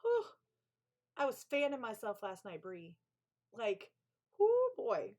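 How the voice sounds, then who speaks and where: A woman in the middle of her usual pitch range hosts a casual live stream, easy and chatty. She gushes freely and answers her viewers aloud as she talks. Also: animated, a little slow, a little mellow. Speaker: author hosting a co-working stream.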